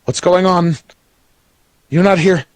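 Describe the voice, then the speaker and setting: A man's voice: mid-range voice, very animated, slow pace, dry recording. A man voicing a nervous, overly polite goblin nobleman who is the eldest son of a lord. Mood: alarmed. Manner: flustered, overly polite diplomat.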